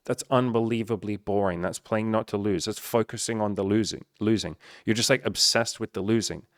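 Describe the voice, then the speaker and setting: A man's voice: on the low side, fairly quick, no echo, clean studio sound. Blunt, profane male dating coach. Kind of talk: motivational monologue.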